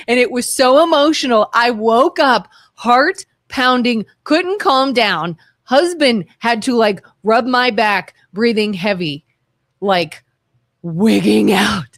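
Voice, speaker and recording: A woman's voice: mid-range voice, fairly bright tone, no echo, studio quality. An American woman co-hosting a call-in talk show, speaking earnestly and with passion, often restarting her sentences. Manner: earnest and impassioned, many restarts. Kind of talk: casual talk show chat.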